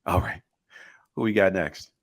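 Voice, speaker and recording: A man's voice: deep voice, unhurried. A man co-hosting a casual online panel, upbeat and steering the talk from one segment to the next. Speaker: co-host.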